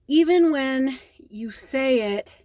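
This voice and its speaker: A young woman with a Midwestern accent rambles through a casual vlog, her voice sitting a little high. She talks slowly, drifting between thoughts and trailing off with ums. The recording is close and dry, with no room sound. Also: expressive, a little mellow, dry recording. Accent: Midwestern American. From American Midwest. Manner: rambling, meandering, many ums and trailing pauses. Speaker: vlogger.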